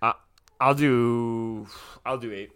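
A man's voice: medium pitch, fairly even intonation, slow pace, a bit bright, clear, resonant tone, no echo. A man co-hosting a casual chat in an easygoing way. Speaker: podcast co-host.

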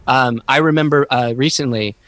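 A man talking slowly and haltingly in a reflective podcast conversation, searching for his words. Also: medium pitch, fairly bright tone, no echo.

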